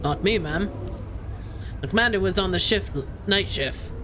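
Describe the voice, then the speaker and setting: A woman's voice: medium pitch, measured pace, background noise, lightly acted. A woman voicing a polite young male ship's officer who answers deferentially.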